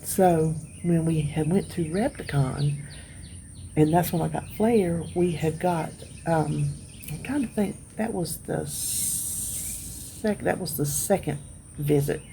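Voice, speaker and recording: Tired, gravelly woman rambling. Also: low-pitched, mellow, slight background noise. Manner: rambling, emotional, drawn-out pauses. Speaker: vlogger. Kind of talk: casual rambling chat to viewers.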